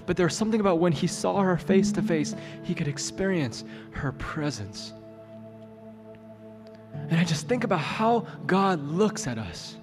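A man preaching a sermon as a pastor, telling a story in a relaxed, joking way. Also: on the high side, a little slow. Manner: conversational, joking asides. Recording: long hall reverb, soft music.

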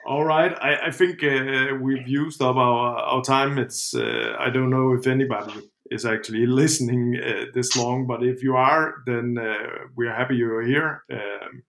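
A man's voice: medium pitch, steady tone, measured pace, hardly any pauses, a bit bright. A man co-hosting a podcast in casual chat, often restarting his words and laughing. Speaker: podcast co-host.

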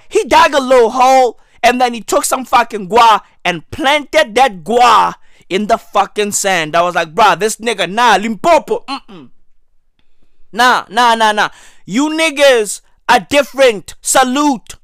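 A man delivering a profane comedic rant to camera, slangy and repetitive, with sudden loud outbursts. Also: very high voice, no echo, clean studio sound. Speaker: comedic ranter.

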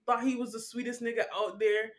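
A young woman, telling animated, profane stories from her school days in casual chat. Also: on the high side, brisk. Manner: animated storytelling with acted-out quotes, profane. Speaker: podcast co-host.

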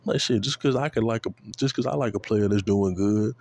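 A man in his twenties talking casually about basketball, profane and rambling, often adding "you know what I'm saying" and breaking into high-pitched outbursts. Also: a little fast, darkish tone. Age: 20s. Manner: bursts into high-pitched exclamations. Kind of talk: casual sports rant.

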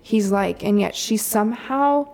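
Chatty mother with a gravelly edge. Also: mid-range voice, measured pace. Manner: chatty, lots of "like" and soft laughs. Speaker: mother sharing a story. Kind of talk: casual storytelling chat.

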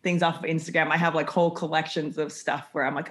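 Bubbly woman guest, bright voice. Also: low voice, steady tone, brisk, hardly any pauses. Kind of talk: casual interview chat.

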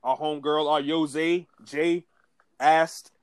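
A man co-hosting a casual wrestling podcast, talking in animated slang and laughing often. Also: on the high side, slow pace, clear, resonant tone, dry recording. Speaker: podcast co-host.

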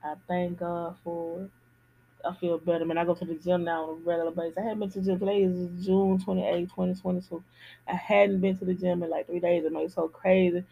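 A woman's voice: lowish voice, flat delivery, brisk, vocal fry, muffled recording, slight background noise. A woman hosting a podcast, talking candidly in a casual personal monologue and repeating phrases for emphasis. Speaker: podcast host.

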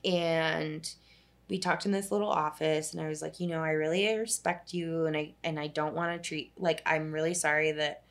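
A woman's voice: low-pitched, steady tone, moderate pace. A young woman, a social worker, telling a long personal story in casual chat, full of "like" and the odd swear word. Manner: rambling storytelling, heavy use of "like", casual swearing.

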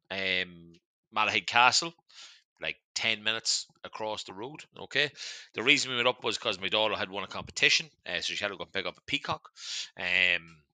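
A man's voice: fairly low pitch, pushed and bright, dry recording, low-quality recording. A man with an Irish accent hosting a podcast in casual chat, chatty and swearing freely while he keeps turning to his listeners. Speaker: podcast host.

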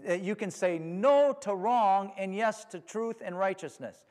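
Male preacher, high voice, hall reverb; sermon with call-and-response amens. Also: unhurried, darkish tone.

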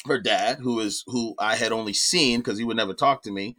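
A middle-aged man, a comedian guest, telling a personal story in animated, profane casual talk. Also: lowish voice, fairly quick.

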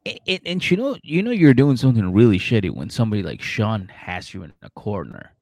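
A gravelly young man co-hosts a casual comedy podcast, his pitch swinging widely as he swears and acts out scenes. He sounds dry and close to the mic. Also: fairly quick, dry recording. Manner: animated, profane, acts out voices while retelling. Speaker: podcast co-host. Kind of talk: casual comedic chat, recapping a reality show.

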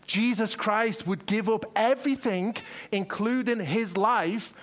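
A man's voice: sits high, a little slow, fairly bright tone. A man preaching a sermon in an earnest, conversational way, often restarting his phrases.

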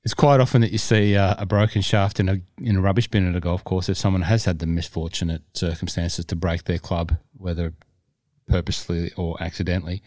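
A man's voice: low-pitched, steady tone, a little fast, darkish tone, dry recording. A man co-hosting a podcast in a chatty, rambling, jokey way. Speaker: podcast co-host. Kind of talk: casual chat.

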